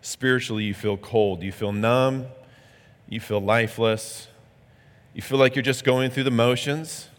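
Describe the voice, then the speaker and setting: A man's voice: mid-range voice, steady tone, a little slow. A male pastor delivers a sermon in a plain, earnest, conversational manner. His voice sits in a middle range. A long reverb from the sanctuary trails his words.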